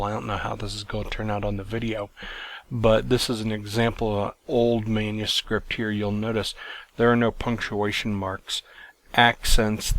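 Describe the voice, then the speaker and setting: A man teaching a recorded lesson, explaining in a plain, measured way with some fillers and restarts. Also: lowish voice, a bit bright. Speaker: Greek teacher.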